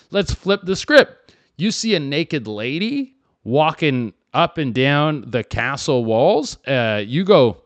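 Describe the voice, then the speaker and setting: Young male comic host, slightly high voice with lively swings, dry booth sound. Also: no room sound. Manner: riffing, acts out characters in quick put-on voices. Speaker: comedy podcast host. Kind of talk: casual comic commentary.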